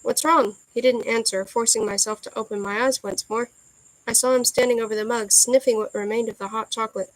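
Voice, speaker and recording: A woman reading a first-person novel aloud in a soft, earnest storytelling manner. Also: fairly high pitch, steady tone, brisk, no room sound, low-quality recording. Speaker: audiobook reader.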